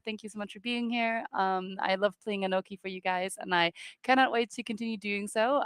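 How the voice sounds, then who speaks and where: A woman's voice: medium pitch, smooth, dry recording. Woman player, self-deprecating and giggly, dry room. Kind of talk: casual chat.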